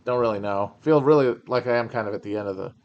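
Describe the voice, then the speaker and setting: A man in his thirties with a lowish voice talks fast while hosting a casual livestream Q&A as a podcast host. He rambles wryly, full of fillers and sighs. The audio, from a home streaming mic, sounds muffled.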